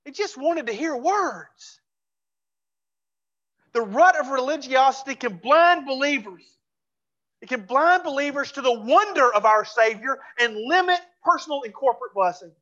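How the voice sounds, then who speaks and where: A pastor preaching a sermon in a church, fervent and repeating phrases for emphasis, dropping to a hush for closing pleas. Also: sits high, expressive, normal speed, dull audio. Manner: drops to a hushed voice for closing pleas. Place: church sanctuary.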